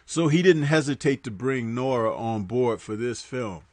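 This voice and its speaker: A man's voice: expressive, moderate pace, no room sound. A man hosting a casual livestream, talking loosely with many fillers and reading viewer comments aloud. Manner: conversational, reads chat comments aloud; frequent fillers, drops low on asides. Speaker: host.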